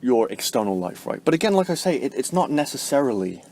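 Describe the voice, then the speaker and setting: A man vlogging about spirituality in a casual, rambling way, tagging "right?" onto his points and jumping up in pitch for emphasis. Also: big pitch swings, quick pace. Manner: rambling, heavy use of fillers like "like" and "right?"; swings sharply up in pitch and loudness to stress points. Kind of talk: casual spoken explanation to camera.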